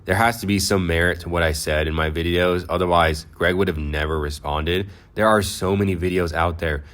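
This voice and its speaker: A man's voice: low-pitched, fairly bright tone. A man hosting his own faceless commentary channel, talking casually with lots of fillers and "right?" checks. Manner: casual, filler-heavy, keeps asking "right?". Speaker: faceless YouTuber host.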